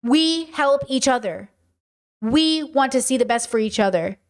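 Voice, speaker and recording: Blunt, profane woman host, higher voice. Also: lively intonation, measured pace. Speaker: podcast host. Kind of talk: casual unscripted monologue answering chat.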